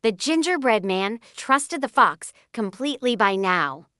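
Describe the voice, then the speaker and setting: A woman narrating a children's storybook in an expressive, animated way. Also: fairly high pitch, unhurried, dry recording, studio quality.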